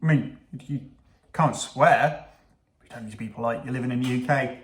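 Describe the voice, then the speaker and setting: A man's voice: mid-range voice, moderate pace. A man casually reacting to news clips, sarcastic, swearing and laughing at his own jokes. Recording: echoey room.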